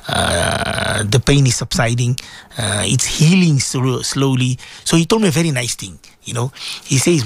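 Animated radio preacher, man. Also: medium pitch, normal speed, gravelly, husky, no room sound. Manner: preachy, repeats appeals to listeners, rhetorical questions. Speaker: radio presenter and Islamic preacher. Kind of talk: radio sermon talk.

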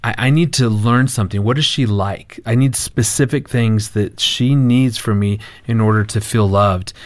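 A man with a fairly low voice tells a family story as a guest on a talk show. He is animated, quotes himself, and often breaks into laughter. The recording is dry and close. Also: moderate pace, dry recording. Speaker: marriage ministry guest.

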